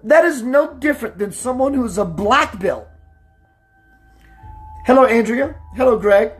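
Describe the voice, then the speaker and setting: A man hosting a spiritual talk radio show, preaching emphatically, slowing down for emphasis and greeting listeners by name. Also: expressive, faint music behind. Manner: slows down for emphasis, voice dips low and quiet.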